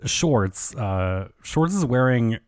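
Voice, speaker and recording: A man's voice: mid-range voice, animated, slow pace, dry recording, studio quality. A man hosting a solo podcast, rambling through celebrity gossip in a casual way, with constant fillers and swearing. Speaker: podcast host.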